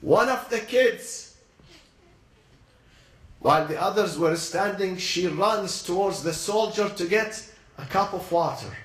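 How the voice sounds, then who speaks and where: High-voiced man preaching a story, echoey. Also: expressive, a bit bright. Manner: dramatic, slows and drops low for emphasis. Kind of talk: emotional sermon storytelling.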